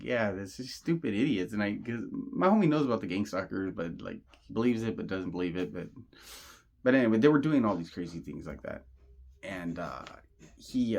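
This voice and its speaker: A man with a fairly low voice tells a personal story straight to his listeners. He rambles, circles back and repeats himself, leaning on casual slang. He sounds earnest and insistent throughout. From Southern California. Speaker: channel host.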